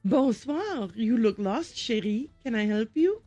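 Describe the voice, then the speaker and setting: A friendly, gossipy French neighbor from a video game, played by a woman streamer putting on a voice. She talks in a hammy put-on French accent with a lively, swooping lilt. The voice sits close and dry, with faint game music behind. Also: a little high, a little slow, no echo, lo-fi sound. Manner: playful, hammy reading.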